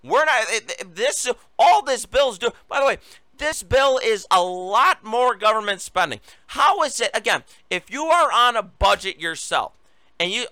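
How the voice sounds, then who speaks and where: A man's voice: very high voice, big pitch swings, normal speed, pushed and bright, no echo. A man hosting a political talk show, giving combative, sarcastic commentary and mocking his opponents.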